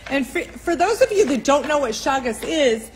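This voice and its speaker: A woman's voice: high-pitched, sing-song, moderate pace, faint music behind, low-quality recording. A woman giving a live walkthrough of rescue kennels, laughing often and cooing at the dogs, recorded on a handheld phone in an indoor kennel. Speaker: dog rescue worker.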